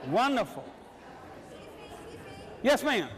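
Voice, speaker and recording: High-pitched exhorting male motivational speaker. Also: big pitch swings, very slow, a bit bright, in a large hall. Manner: exhorting, repetitive, urging the crowd on. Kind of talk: energetic workshop talk to a live audience. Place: large meeting room with audience at tables.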